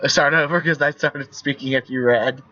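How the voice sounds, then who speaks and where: Bright-voiced young male streamer, lo-fi mic. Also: medium pitch, steady tone, moderate pace. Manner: loose and profane, reads story text aloud. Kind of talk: casual let's-play reading of a text game.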